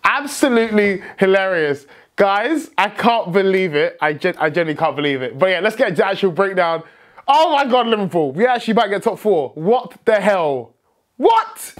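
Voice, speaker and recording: A young man hosting a football fan vlog, talking excitedly with many restarts and outbursts. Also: high-pitched, brisk. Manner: excitable, rambling, frequent restarts, shouts in joy. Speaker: football fan channel host.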